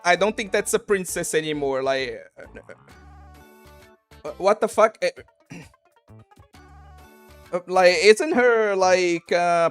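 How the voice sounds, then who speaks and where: Rambling, loose-talking game streamer. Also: mid-range voice. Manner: rambling, loose and profane, with many "like"s and restarts. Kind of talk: casual live-stream commentary.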